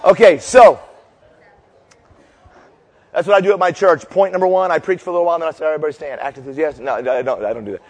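A man's voice: sits high, quick pace, pauses often. A man preaching a sermon, telling jokey stories and leading his audience through a cheer. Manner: animated, jokey storyteller leading a crowd cheer. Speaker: pastor. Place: large hall before a live audience. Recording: long hall reverb.

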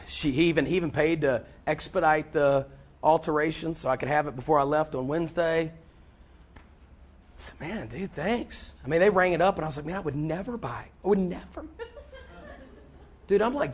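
Guy with a high voice preaching, tells a story and acts out the lines, repeats himself a lot. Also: brisk, slightly rough. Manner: animated, repeats words, acts out dialogue. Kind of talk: sermon storytelling.

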